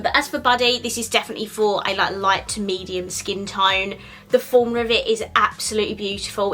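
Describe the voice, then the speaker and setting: A woman's voice: mid-range voice, pushed and bright. A young woman reviewing makeup in a chatty, gushing way, full of "like" and "um". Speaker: beauty vlogger. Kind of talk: casual product review.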